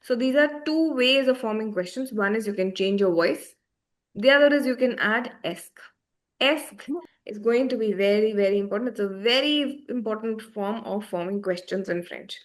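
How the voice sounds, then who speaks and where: A woman's voice: a little high, normal speed. A woman teaching a beginner French class online over a video call, patiently checking that her students follow. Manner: patient, checks often for understanding.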